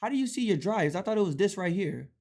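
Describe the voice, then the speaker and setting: A young man streaming, talking casually in an animated, profane way, often repeating himself. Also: high voice, fast.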